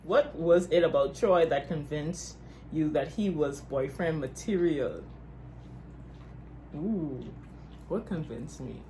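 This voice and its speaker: A woman's voice: low-pitched, expressive, slow, pauses often, warm tone. Young bahamian woman chatting, lots of giggles, voice jumps up and down, a bit of hiss. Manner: giggly, chatty, laughs often. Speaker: YouTube couple co-host. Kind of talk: casual couples Q&A chat.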